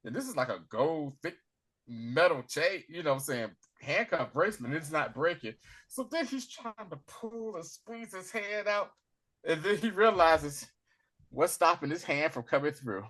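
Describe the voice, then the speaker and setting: A man co-hosting a casual recap chat, retelling scenes with lively slang and acting out the characters' lines. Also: on the high side, normal speed. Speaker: podcast co-host recapping a TV episode.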